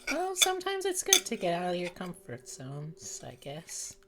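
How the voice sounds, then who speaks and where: A woman's voice: lowish voice, moderate pace, heavy background noise. A woman livestreaming who chats casually with her viewers while eating dinner and reads their messages aloud. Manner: relaxed, chats with viewers between bites, reads chat aloud.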